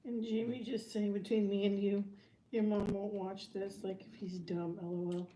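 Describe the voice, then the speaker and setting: A woman's voice: mid-range voice, little pitch movement, normal speed, warm tone. A woman co-hosting a casual eating stream, chatty and giggly as she tells stories. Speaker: co-host of a mukbang stream. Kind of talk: casual chat while eating. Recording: echoey room with faint noise.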